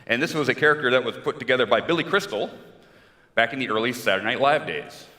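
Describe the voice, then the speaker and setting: A man's voice: medium pitch, fast, sharp tone. A man talking casually and energetically with fans from a convention stage, chatty and self-deprecating. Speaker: convention guest, video creator. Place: large convention hall. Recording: echoey hall with crowd.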